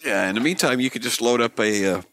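A man's voice: mid-range voice, fast talker, a bit bright. A man co-hosting a casual comedic chat, rambling through jokes and acting out little bits. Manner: rambling joke-teller, acts out bits. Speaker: podcast co-host.

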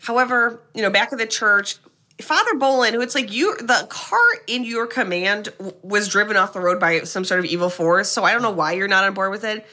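A woman's voice: mid-range voice, a little fast. A woman co-hosting a podcast, recapping a film in casual chat and acting out the characters' lines. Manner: lively retelling, acts out quoted lines, swears casually.

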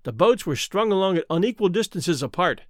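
A man reading a classic adventure story aloud as an expressive narrator. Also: sits high, a little fast, no room sound, clean studio sound. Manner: expressive, rises and falls with the action. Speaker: audiobook narrator.

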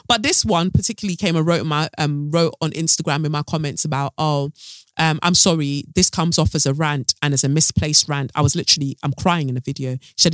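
A woman's voice: sits low, fairly even intonation, a little fast, fairly bright tone, dry recording. A woman hosting her own podcast, speaking alone into a close mic in a blunt, fiery, swearing way. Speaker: podcast host. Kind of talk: solo podcast monologue.

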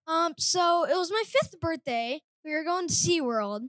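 A woman's voice: very high voice, animated, normal speed, a bit bright, no room sound. A woman telling a short story in casual chat, plainly and a little hesitantly.

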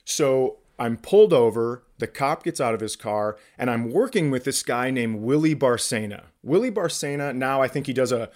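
A man's voice: mid-range voice, animated, normal speed, few pauses, a little mellow. A man, a comedian and podcast host, telling a story in casual chat with self-mocking humor.

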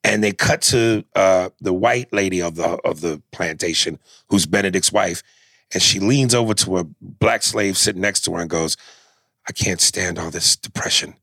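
A man co-hosting a casual talk show, retelling a film scene with lively, animated delivery. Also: low voice, normal speed, gravelly, no room sound, studio quality. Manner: animated storytelling, acting out scenes in mimicked voices. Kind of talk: casual chat.

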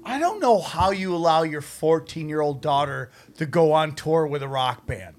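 A man's voice: a little high, expressive, moderate pace. A man hosting a casual podcast chat who speaks in a blunt, profane way. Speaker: podcast host.

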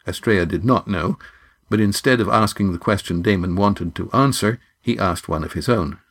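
Man, audiobook narration, low voice, measured reading. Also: fairly bright tone. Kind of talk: scripted narration.

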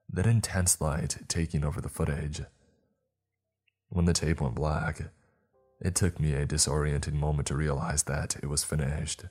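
Deep husky man narrating horror. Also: darkish tone. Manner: tense, measured first-person storytelling.

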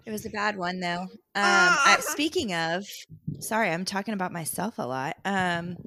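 Animated woman telling a story. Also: mid-range voice, normal speed, no room sound, clean studio sound. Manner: animated, laughing storyteller with quoted voices. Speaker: podcast co-host. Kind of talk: casual storytelling chat.

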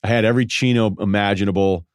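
Low-voiced man telling loose stories. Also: steady tone, fast talker, no echo, studio quality. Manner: loose, self-mocking, laughs mid-sentence. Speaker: podcast host. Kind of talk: casual storytelling monologue.

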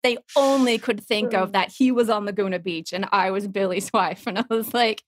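A woman in her thirties co-hosting a podcast, telling stories in a lively way, laughing often and quoting people as she goes. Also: mid-range voice, normal speed, dry recording, clean studio sound. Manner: animated storyteller who laughs often and quotes people. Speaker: podcast co-host. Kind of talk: casual chat, telling anecdotes.

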